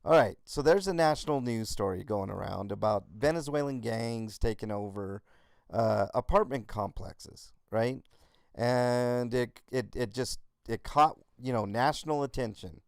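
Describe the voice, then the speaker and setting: A man's voice: medium pitch, unhurried, vocal fry, clear, resonant tone, dry recording, studio quality. A man co-hosting a podcast, rambling through a casual story with a lot of swearing. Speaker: podcast co-host. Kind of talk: casual profane chat.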